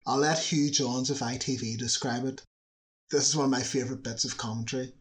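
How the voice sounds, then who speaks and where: A man's voice: mid-range voice, steady tone, a little fast. A man narrating football history in a chatty scripted style, with wry asides.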